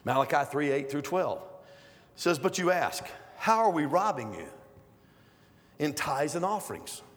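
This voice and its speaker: A middle-aged man preaches to a congregation in a high, carrying voice. He tells stories in a chatty way and then builds to loud, emphatic declarations. His words ring out with a long reverb through a large church sanctuary. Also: sing-song, unhurried. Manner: conversational, storytelling, rising to loud emphatic preaching. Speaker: guest preacher. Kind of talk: sermon.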